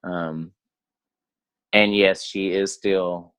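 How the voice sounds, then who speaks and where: Very deep-voiced man, halting chat. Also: fairly even intonation, fairly bright tone, clean tone. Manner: halting, many ums and restarts. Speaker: podcast guest. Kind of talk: casual chat.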